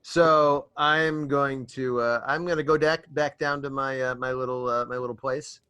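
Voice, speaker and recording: A man's voice: medium pitch, fairly even intonation, normal speed, bright, forceful tone, clear, resonant tone. A man playing a tabletop game, talking casually and playfully with fillers. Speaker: player.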